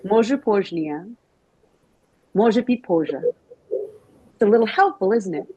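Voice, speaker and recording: A middle-aged woman giving a lively conference talk to educators, chatting with the audience and asking them questions. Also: medium pitch, measured pace, husky, dry recording, muffled recording. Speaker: Montessori teacher trainer giving a talk.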